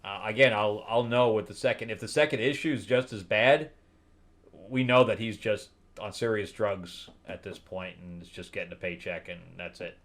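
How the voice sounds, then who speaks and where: A man hosting a comic book review show, talking casually, bluntly exasperated, laughing often and swinging from low mutters to loud disbelief. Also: normal speed. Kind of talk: casual spoken review commentary.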